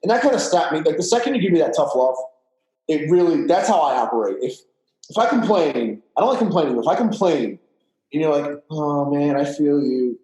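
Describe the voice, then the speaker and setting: A man's voice: a little high, sing-song, fast talker, a little mellow. Candid, swearing man in a roomy room. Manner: candid, profane, filler-heavy storytelling. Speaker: podcast guest. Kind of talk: casual chat. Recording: roomy echo.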